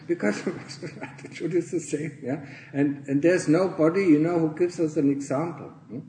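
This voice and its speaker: Earnest monk ending phrases with "yeah?". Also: male voice, on the high side, normal speed, warm tone, reverberant, slight background noise, rough recording. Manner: earnest, tags nearly every phrase with 'yeah?' or 'huh?'; clears his throat often. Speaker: Buddhist monk teaching fellow monastics. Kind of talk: Dharma talk. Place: monastery in Thailand.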